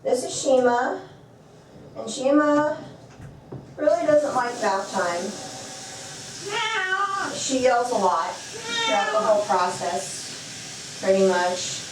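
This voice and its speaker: A woman's voice: fairly high pitch, big pitch swings, takes it slowly, long pauses, background noise. A woman chatting casually to her camera while she bathes her cats at home, soothing them as she goes. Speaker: cat owner bathing her cats. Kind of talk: casual vlog narration. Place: bathroom at home, tub area. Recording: echoey bathroom, mic at a distance, running water.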